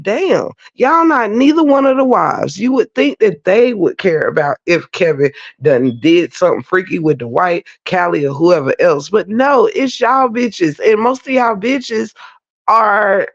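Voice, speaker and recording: This gravelly, medium-pitched woman goes off on profane, meandering rants during a livestream, pausing to say hello to people in chat. Her audio comes through dull and lo-fi.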